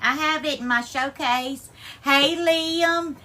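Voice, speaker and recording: A woman's voice: high-pitched, slow pace, sharp tone. A woman hosting a casual live stream from her home kitchen, teary-eyed and effusive as she thanks each viewer by name and calls them darling while she cooks. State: teary, near crying. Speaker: livestream host.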